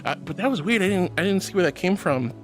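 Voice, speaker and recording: High-voiced affectionate male streamer. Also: fast. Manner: affectionate, calls viewers honey and darling; bursts into excited high squeals. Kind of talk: livestream chat reading.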